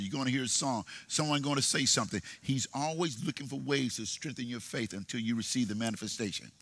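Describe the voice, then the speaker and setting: A man preaching a sermon as pastor, swinging from soft, low passages to loud, high shouting. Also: dry recording, clean studio sound.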